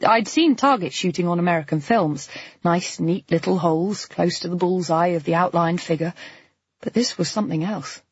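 A man giving a first-person narration with a wry, steady storytelling manner. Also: sits high, normal speed, breathy edge, no echo, dull audio.

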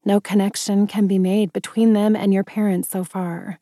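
A woman reading a guarded young witch in an audiobook, measured and explaining. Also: mid-range voice, level tone, mellow, no echo, clean studio sound, lightly acted.

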